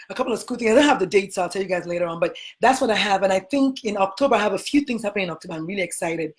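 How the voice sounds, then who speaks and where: Nigerian woman, physician host, emphatic preacher-like delivery, fairly high pitch. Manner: preacherly, emphatic, repeats phrases. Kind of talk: motivational talk.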